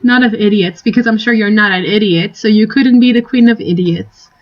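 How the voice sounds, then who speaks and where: Young female streamer, casual and giggly, wanders off-topic; mid-pitched, muffled home mic. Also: brisk. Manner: rambling, giggly, full of tangents. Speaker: live-streaming artist. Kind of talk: casual live-stream chat.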